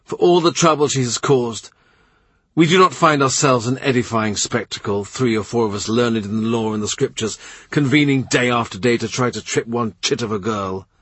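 A man voices a calm, shrewd older statesman who speaks low and soft, measured and dryly amused. The tone is husky and close, and he sits a little below the narration. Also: no room sound.

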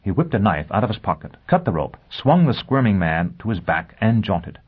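Male audiobook narrator, steady delivery, fairly low voice, dull lo-fi audio. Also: slightly rough. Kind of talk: scripted narration.

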